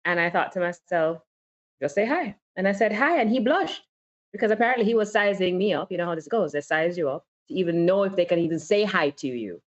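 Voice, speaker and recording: A woman with a very low, deep voice talks candidly on a casual podcast panel, telling stories from her own life and laughing easily. The recording is a little dull and lo-fi. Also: lively intonation, brisk. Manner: candid, storytelling, laughs often. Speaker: podcast co-host. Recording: slightly dull lo-fi sound.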